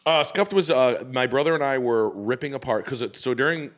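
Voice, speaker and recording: A man's voice: mid-range voice, brisk. Man telling rambling stories. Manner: rambling, profane storytelling with laughs. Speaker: guest comedian. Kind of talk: casual podcast chat.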